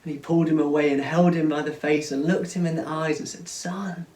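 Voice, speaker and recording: A man's voice: a little high, little pitch movement, fast, slight background noise. Earnest male preacher retelling a parable, recorded from a distance. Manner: earnest, often drops to a hushed voice. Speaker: church speaker. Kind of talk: storytelling sermon. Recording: roomy sound, mic at a distance.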